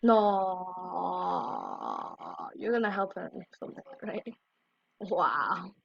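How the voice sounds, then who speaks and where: A woman's voice: mid-range voice, very slow, husky, no echo. A woman giving casual reaction commentary on fail clips as a YouTuber, exclaiming short reactions. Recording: dry, dull lo-fi recording.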